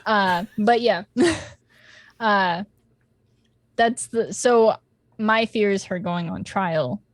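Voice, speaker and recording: A woman's voice: mid-range voice, drawn-out words, no echo. Earnest woman player explaining plainly. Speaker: tabletop game player. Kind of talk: casual tabletop game chat.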